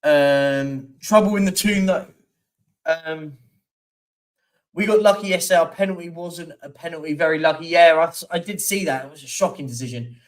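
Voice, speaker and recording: A chatty man with a fairly high voice hosts a live stream from home, meandering through numbers and comments with plenty of ums. His voice sits a little back from the mic. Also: normal speed, distant mic. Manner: rambling, chatty, reads out stats with many fillers. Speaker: livestream host. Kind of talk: casual live-stream chat reading viewer comments.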